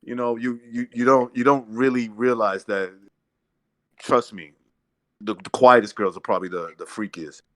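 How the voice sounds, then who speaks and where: A man's voice: medium pitch, fairly even intonation, moderate pace, dry recording. A man, co-hosting a podcast and telling a long, laughing anecdote about his ex-wife. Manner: laughing anecdotes with loud mimicry. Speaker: podcast co-host. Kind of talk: casual storytelling chat.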